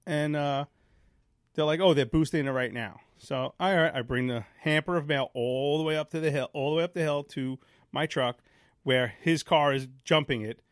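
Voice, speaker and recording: A man's voice: on the high side, normal speed, no room sound, studio quality. A man, a mail carrier co-hosting a podcast, telling rambling stories in a casual chat. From New York. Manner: rambling, self-interrupting anecdotes.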